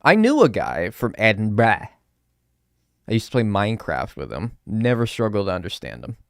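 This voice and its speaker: A man's voice: on the low side, very animated, normal speed, creaky, no echo, clean studio sound. A young man live-streaming a game, chatting casually and sarcastically with chat and swearing now and then.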